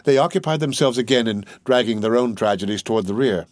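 A man narrating a classic novel as an audiobook in a measured, even reading. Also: medium pitch, no echo.

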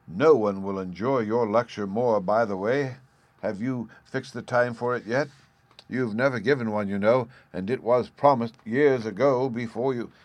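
A man's voice: mid-range voice, normal speed, no echo, voice pushed up, close to an everyday voice. A man voicing an imperious, huge noblewoman who speaks harshly and overbearingly. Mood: lofty. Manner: loud and overbearing.

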